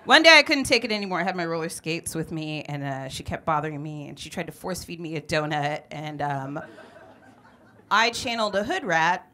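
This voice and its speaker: A woman's voice: sits low, animated, a little fast, sharp tone. A woman comedian from San Francisco telling a brash, profane story on stage at a live show. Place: bar venue stage before a live audience.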